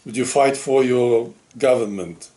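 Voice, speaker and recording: Slow, halting man. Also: medium pitch, dark tone. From Sweden. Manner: slow, halting, restarts often. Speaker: commentary channel host. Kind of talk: casual monologue commentary.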